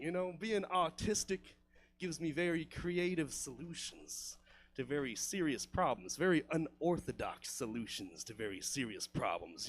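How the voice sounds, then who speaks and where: A man's voice: a little high, a bit bright. A man doing a loose, profane stand-up comedy set in a comedy club, laughing at his own jokes.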